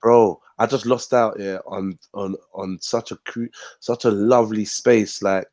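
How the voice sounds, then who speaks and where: A man's voice: lowish voice, unhurried, no echo. A young man hosting a casual live chat show, telling stories animatedly and acting out what people said. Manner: animated, acts out quoted speech.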